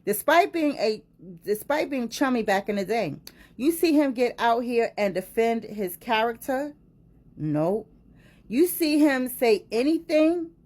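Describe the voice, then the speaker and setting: A woman reading a celebrity news article aloud and reacting to it with frequent exclamations and asides, in a casual commentary style. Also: fairly high pitch. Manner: animated, exclaiming and interrupting her own reading.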